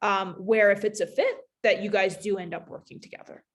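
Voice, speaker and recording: A woman's voice: medium pitch, steady tone, fairly quick. A woman business coach presenting a webinar in a casual, chatty way, talking straight to her audience and speeding up when she tells a story.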